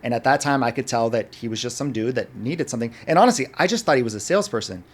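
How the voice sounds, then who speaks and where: A man, a restaurant owner and former bartender, telling an animated story as a podcast guest and acting out the dialogue. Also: mid-range voice, quick pace. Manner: animated, acts out the dialogue of people in his story. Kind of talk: casual storytelling in a podcast interview.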